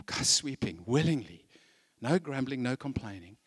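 Animated, lively male preacher. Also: mid-range voice, moderate pace, breathy edge. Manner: conversational, animated preaching with chatty asides. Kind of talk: sermon.

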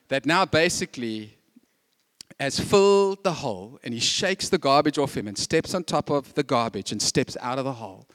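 A pastor with a slightly high voice preaches a sermon, telling a story in a chatty, animated way packed with repeated phrases and asides. The recording is dry.

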